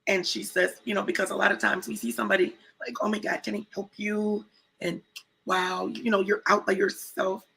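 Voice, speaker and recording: A woman co-hosting a casual talk show, telling a story with lively quoted voices. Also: medium pitch, gravelly, slightly rough, low-quality recording. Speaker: co-host.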